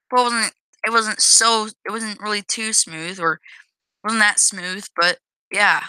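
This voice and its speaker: A woman talks over her gameplay in a casual, hesitant way, often restarting and correcting herself. Her voice is very bright and crisp. It is recorded dry and close, with no room sound. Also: medium pitch, steady tone, a little slow, dry recording, rough recording. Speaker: game developer showing own game.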